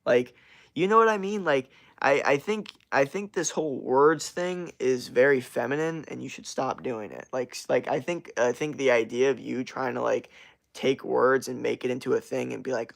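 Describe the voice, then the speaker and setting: A man's voice: medium pitch, moderate pace, vocal fry. A young man chatting casually on a livestream, rambling with lots of fillers and slang as he answers chat comments. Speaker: streamer.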